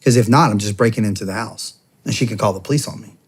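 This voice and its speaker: Fast and lowish with a breathy edge, an earnest former cop on a podcast recounts a family ordeal in emotional personal storytelling. He's conversational, repeatedly restarts his lines, and voices the quoted words of others as he goes.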